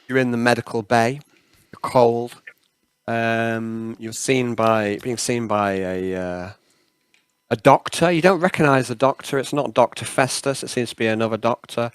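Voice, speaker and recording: A man narrating as game master of a tabletop game, halting and full of fillers. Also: medium pitch, clear, resonant tone, no room sound. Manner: halting, many fillers, laughs at himself.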